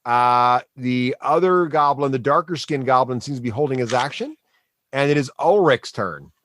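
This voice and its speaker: A man narrating as game master of a tabletop game, animated and laughing, adding sound effects. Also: medium pitch, normal speed, no room sound.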